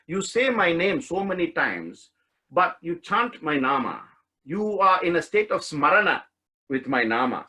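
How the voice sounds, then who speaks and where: Husky man telling a spiritual story. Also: mid-range voice, fairly bright tone, low-quality recording. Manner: laughs often while telling a story. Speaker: spiritual study course teacher. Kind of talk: storytelling talk. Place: online class session.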